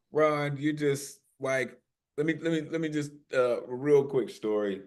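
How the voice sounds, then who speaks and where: A man's voice: mid-range voice, takes it slowly. A man hosting an online poetry open mic over a video call, talking in a loose, hyped way and calling people "man.". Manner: warm hype, repeats "listen" and "man". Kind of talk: casual hosting chat and spoken word. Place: home via video call.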